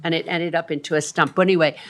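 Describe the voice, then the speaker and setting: Chatty older woman, lower voice. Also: steady tone, rapid-fire. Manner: chatty, rambling storyteller with many ums. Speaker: city council member. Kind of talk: council meeting report. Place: council chamber.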